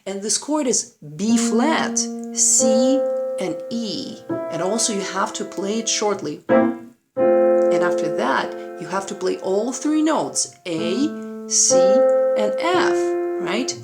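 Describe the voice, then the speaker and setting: A woman speaking slowly at medium pitch, with lively intonation, teaches a play-along piano lesson in a room where a piano plays behind her. She explains patiently, counts and sings the rhythms aloud as she demonstrates, and frequently asks "right?".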